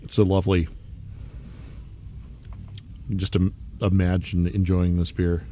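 A man's voice: sits low, completely flat delivery, slow, warm tone, slight background noise. A man at a casual beer tasting chat, dropping dry, wry one-liners.

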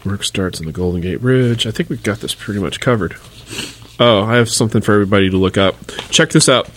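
A man's voice: fairly low pitch, fast, a bit bright, slight background noise. Jokey man reading trivia notes. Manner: jokey, reads notes aloud, laughs at his own jokes. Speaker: co-host. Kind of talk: casual radio chat reading trivia.

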